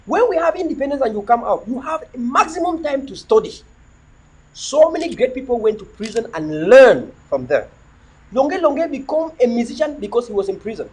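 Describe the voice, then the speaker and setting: High, husky, preachy man. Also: big pitch swings, a little fast, rough recording. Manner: preachy, repetitive, rhetorical questions. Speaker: livestream host. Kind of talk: impassioned livestream monologue.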